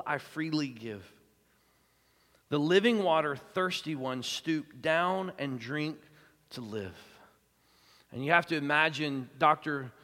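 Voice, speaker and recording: A man's voice: fairly high pitch, fairly bright tone. A male pastor preaching a sermon in an earnest, emphatic way, sometimes repeating words as he builds a point. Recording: long reverb of a large hall.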